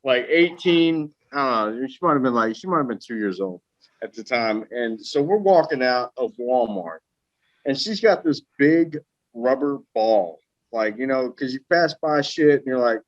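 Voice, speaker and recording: Podcast guest, male, lively swearing storyteller, dry lo-fi mic. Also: mid-range voice, moderate pace, dry recording. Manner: profane, animated anecdote telling.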